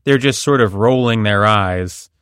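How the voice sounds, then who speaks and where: In a clear, resonant voice that's lowish and fairly bright, a man hosting a podcast explains a court ruling a little slowly, keeping it wry and conversational. This legal analysis chat has studio-quality sound and no room sound.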